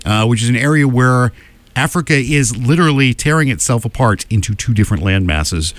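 A man co-hosting a relaxed news talk show, mid-pitched and unremarkable in tone. He explains the news plainly and slips in dry, wry asides. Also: a little fast, dry recording. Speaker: co-host. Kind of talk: casual news chat.

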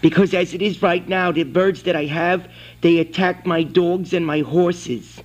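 A man's voice: sits high, a little slow. A man on a phone call who rambles, insists, and breaks into animal noises as a prank caller.

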